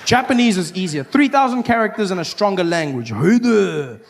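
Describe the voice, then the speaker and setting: A man's voice: fairly quick, hardly any pauses. A man performing a stand-up comedy set, leaping into mock voices and accents as he tells stories. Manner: animated, jumps into high mock voices and accents.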